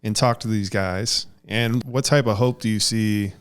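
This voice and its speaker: Podcast host: man, lowish voice, short prompting questions, casual. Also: fairly even intonation, unhurried, clear, resonant tone.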